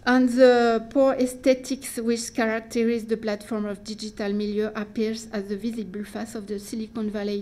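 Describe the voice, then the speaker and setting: A woman with a mid-range, darkish voice reads a dense academic talk. Careful and deliberate, she restarts and hesitates as she goes.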